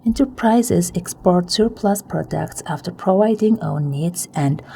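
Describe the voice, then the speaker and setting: A woman reading an official's translated statement as a news voice-over, in a plain, steady way. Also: lowish voice, unhurried, creaky, a little hiss or hum.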